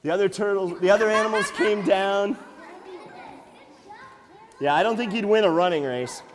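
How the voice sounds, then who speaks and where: A man working as a nature museum storyteller, telling an animated, playful tale to children with sound effects. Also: high-pitched, moderate pace, a faint crowd. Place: library room. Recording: echoey hall.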